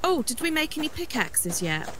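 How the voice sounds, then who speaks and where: A woman's voice: high voice, sing-song, moderate pace, very noisy. A woman chatting and giggling with friends during a co-op game. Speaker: co-op player. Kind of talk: casual gaming chat.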